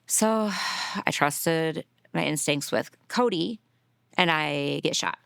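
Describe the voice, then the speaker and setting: A middle-aged woman, a grieving mother, telling her story in a documentary interview, earnest and emotional, sometimes dropping to a soft near-whisper. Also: low voice, slow pace, gravelly, clear, resonant tone, no echo, studio quality.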